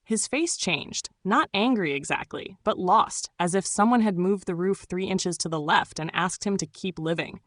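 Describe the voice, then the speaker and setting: A woman narrating a first-person story in a measured, steady way. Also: fairly low pitch, no room sound, studio quality.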